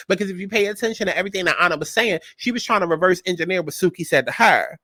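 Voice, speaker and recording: Sassy high-voiced man recapping reality TV. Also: racing, few pauses, dry recording. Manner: sassy, animated and profane, repeats punchlines. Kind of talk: casual commentary.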